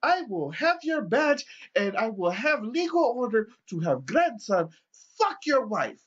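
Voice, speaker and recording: A man voicing an indignant old man who scolds loudly and swears as he claims a stranger as his grandson. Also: extremely high pitch, very animated, a little slow, pitched above the performer's own voice, heavily acted. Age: older. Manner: loud, scolding, profane. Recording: dull lo-fi recording.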